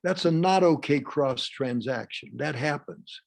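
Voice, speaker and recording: A man presenting a live workshop in a quick, lively, humorous way. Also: on the high side, creaky. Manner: fast, lively, humorous delivery; acts out example dialogues with a raised voice.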